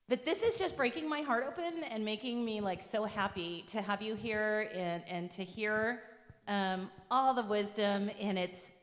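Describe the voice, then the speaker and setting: A woman's voice: mid-range voice, animated, moderate pace, in a large hall. A woman moderating a church forum, laughing and thinking aloud as she frames her remarks.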